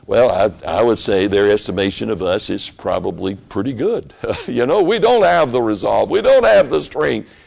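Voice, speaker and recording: A man preaching a sermon in an animated way, rising into emphatic bursts and often restarting his phrases. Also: fairly low pitch, moderate pace, vocal fry.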